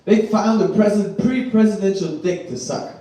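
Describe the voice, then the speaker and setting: A man in his thirties from Germany doing a stand-up set, loose and halting with lots of ums and frequent laughter at his own jokes. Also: sits high, dark tone. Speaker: stand-up comedian. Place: small comedy venue. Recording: roomy, distant club mic with faint noise.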